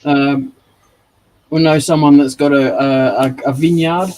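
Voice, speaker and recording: A laid-back man hosting a woodworking livestream, chatting casually with viewers. His voice sits a little higher than most men's, and he talks in an unhurried, easy way. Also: steady tone, darkish tone, low-quality recording. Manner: laid-back and laughing easily. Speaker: woodworking streamer. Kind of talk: casual live chat.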